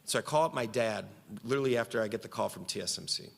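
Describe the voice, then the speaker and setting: A man's voice: fairly low pitch, fast, creaky, long reverb tail. A man giving a conference speech from Central New York, telling a story and quoting himself and others with animation.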